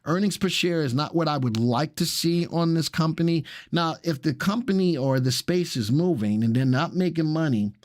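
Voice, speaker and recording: Casual stock-chart host with a Southern lilt. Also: male voice, on the high side, moderate pace, hardly any pauses, a little mellow, no room sound, studio quality. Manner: casual, chatty, answers viewers' comments. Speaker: stock market analyst hosting a live show. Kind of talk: live stock chart walkthrough.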